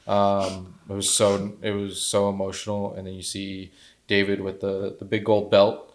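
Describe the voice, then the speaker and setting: A man's voice: fairly low pitch, monotone, moderate pace, slight background noise. A young man co-hosting a casual film discussion, rambling and heartfelt, his talk full of fillers. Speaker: podcast co-host.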